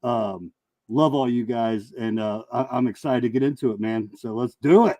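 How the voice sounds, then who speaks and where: A man's voice: medium pitch, normal speed, mellow, dry recording. A man appearing as a regular guest on a live-stream chat, enthusiastic and full of fillers, often saying man and dude.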